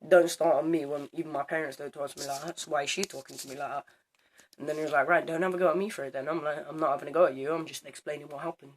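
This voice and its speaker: A teenage boy telling a story to camera in a casual vlog, animated and swearing, acting out both sides of an argument. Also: fairly high pitch, very fast. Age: teens. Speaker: student vlogger.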